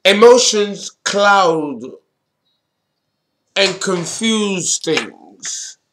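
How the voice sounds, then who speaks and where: A man giving a solo astrology talk as an astrologer, deliberate and emphatic, blunt and sometimes swearing. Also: high voice, animated, fairly bright tone, a little hiss or hum.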